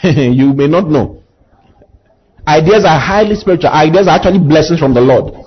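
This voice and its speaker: A man preaches a sermon with a husky edge and a lively, rising and falling pitch. He throws questions out for the congregation to answer and climbs into emphatic passages. The recording sounds muffled and lo-fi. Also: moderate pace. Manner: call-and-response preaching, rising to impassioned emphasis. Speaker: pastor.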